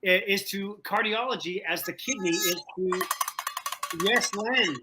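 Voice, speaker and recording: A man hosting an online trivia game over a video call, animated and joking, often repeating himself. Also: high voice, measured pace, noisy background. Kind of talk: playful game-show hosting. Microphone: video call from home.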